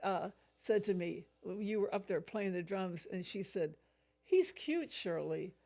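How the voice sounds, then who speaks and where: A woman's voice: mid-range voice, steady tone, normal speed, dark tone. An older woman, the host's mother as a podcast guest, chatting casually, laughing often and exclaiming in disbelief. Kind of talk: casual chat.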